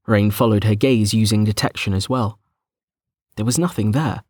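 A man's voice: fairly low pitch, fairly even intonation, normal speed, a little mellow, no echo. Man narrating a fantasy novel, dry close sound. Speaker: audiobook narrator. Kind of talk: scripted narration.

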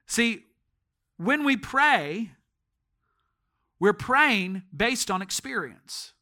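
A man preaching a sermon in a church as pastor, telling stories and swinging from hushed tones to shouts. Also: extremely high pitch, big pitch swings, takes it slowly.

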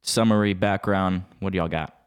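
A man's voice: deep voice, steady tone, normal speed, smooth. A man co-hosting a casual podcast chat, playful and laughing often as he introduces the segments. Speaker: podcast co-host.

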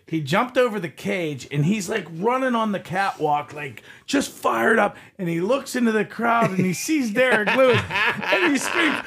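A man's voice: high voice, animated, normal speed, creaky, hardly any pauses, a bit bright, husky. A man hosting a podcast, asking questions in an eager, jokey way. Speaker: podcast host. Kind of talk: casual interviewing.

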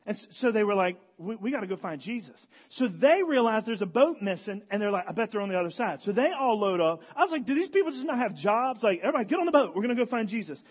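A man's voice: high voice, quick pace, few pauses, slightly rough. A young man giving a casual, joking sermon as a guest speaker, acting out the people in the story as he retells it. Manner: animated, joking storyteller, acts out quotes.

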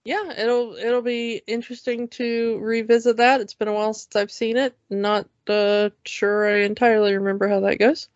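A woman's voice: a little high, flat delivery, moderate pace, hardly any pauses, dry recording. A woman co-hosting a podcast, chatting casually and emphatically, repeating words for effect. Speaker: podcast co-host. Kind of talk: casual chat. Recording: dull lo-fi podcast mic.

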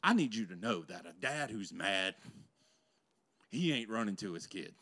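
Man preaching with swings from loud to hushed. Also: on the low side, animated, normal speed. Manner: conversational, uses playful asides to the congregation. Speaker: pastor. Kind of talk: sermon. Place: church sanctuary before a congregation.

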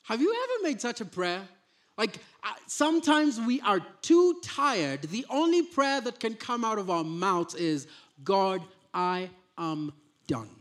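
A man's voice: very high voice, very animated, measured pace, a bit bright. A man preaching a sermon, reading scripture and then explaining it in a conversational way, often restarting his sentences. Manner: conversational, with frequent restarts and stammers. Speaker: pastor.

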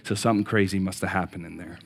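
A middle-aged man preaching a sermon, swinging from loud excited peaks to quiet reflection and repeating words as he restarts. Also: sits low, fast, gravelly. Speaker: pastor.

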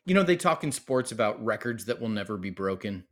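A man's voice: lowish voice, sing-song, a little fast. A man co-hosting a live-streamed podcast, telling a small personal story in a chatty, self-deprecating way. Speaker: podcast co-host. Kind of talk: casual live-stream chat.

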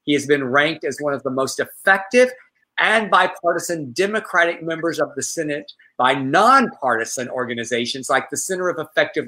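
A man co-hosting a talk show, chatting casually and telling a personal story with animated quoted voices. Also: a little high, low-quality recording. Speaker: co-host.

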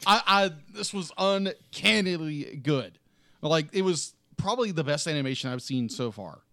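A man's voice: a little high, animated, moderate pace, sharp tone, no room sound. A man co-hosting a casual movie review, gushing with enthusiasm and often restarting as he searches for words.

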